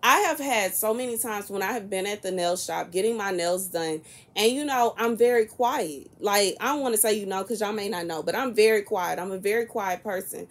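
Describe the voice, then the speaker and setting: A woman in her early thirties, talking casually to camera in a soft-spoken, chatty and rambling way. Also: medium pitch, a little fast. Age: 30s. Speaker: prophetic content creator.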